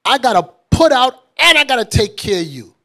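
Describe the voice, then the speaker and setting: A man's voice: very high-pitched, very animated, a little fast, voice pushed up, full character voice. A man playing a fed-up wife. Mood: exasperated. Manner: fed up, loud complaining. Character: exasperated working wife fed up with husband.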